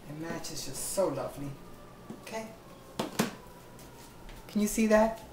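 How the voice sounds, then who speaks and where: A man's voice: fairly high pitch, lively intonation, takes it slowly, echoey room, background noise. A man voicing a flamboyant drag diva who hosts a home cooking show, theatrical and gushing, calling everyone honey and darling. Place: home kitchen.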